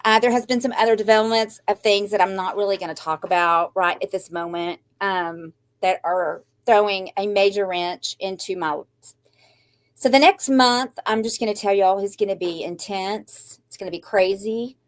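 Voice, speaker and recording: A woman's voice: mid-range voice, fairly even intonation, normal speed. Older lady rambling to her viewers, anxious and shaky but pushing herself to sound upbeat, plain middle voice. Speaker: craft channel host. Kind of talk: emotional live chat to viewers.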